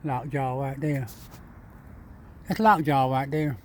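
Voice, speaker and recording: A man chatting and coaxing a squirrel in his front yard, repeating himself in a relaxed, chuckling way. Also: mid-range voice, slow pace, a little hiss or hum. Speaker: vlogger feeding a squirrel. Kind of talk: casual talk to an animal.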